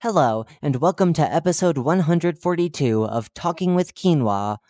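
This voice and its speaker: A reader voicing a cheerful, oblivious male radio talk-show host who chats brightly and drops deadpan dark jokes. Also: mid-range voice, moderate pace, no room sound, clean studio sound, natural voice. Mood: chipper. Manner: chipper, chatty broadcast patter with deadpan dark jokes. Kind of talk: horror fiction reading.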